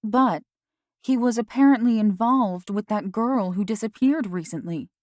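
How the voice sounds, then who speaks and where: A woman voicing a mother who gently questions her daughter, in an audiobook. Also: fairly high pitch, moderate pace, no room sound, clean studio sound, natural voice. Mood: gentle.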